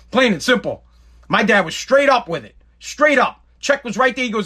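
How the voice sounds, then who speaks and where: A man telling a personal story in a blunt, profane, animated way. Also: high voice, fast.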